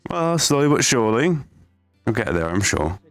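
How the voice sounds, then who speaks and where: A man's voice: mid-range voice, very animated, moderate pace, no echo, faint music behind. A young man chatting in character during a roleplay session, easygoing and rambling, restarting his sentences. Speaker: roleplay streamer.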